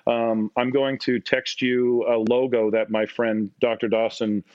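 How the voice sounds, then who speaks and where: With an unhurried, level, slightly mellow mid-range voice, a Canadian man in his forties trades casual anecdotes as a podcast guest, mocking himself and imitating quoted voices. There's no echo; the recording is dry and a bit muffled.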